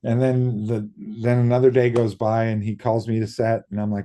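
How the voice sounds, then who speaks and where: Low, mellow-voiced man telling stories. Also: moderate pace. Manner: lively storyteller who acts out quoted voices, casual swearing. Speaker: interview guest, makeup effects artist. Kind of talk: casual anecdotal interview storytelling.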